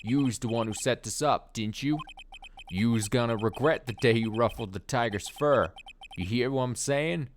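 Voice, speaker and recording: A man's voice: mid-range voice, normal speed, slight background noise, pitched above the performer's own voice, natural voice. Man doing a thuggish Brooklyn loan shark. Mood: threatening. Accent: put-on Brooklyn. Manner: gruff, bullying, loud. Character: menacing male loan shark, hot-tempered, thuggish. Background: game music.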